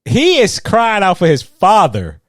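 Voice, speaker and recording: Animated man joking over a movie. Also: high voice, dry recording, clean studio sound. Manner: laughing, animated reactions, quick jokes. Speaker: podcast co-host. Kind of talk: casual movie commentary chat.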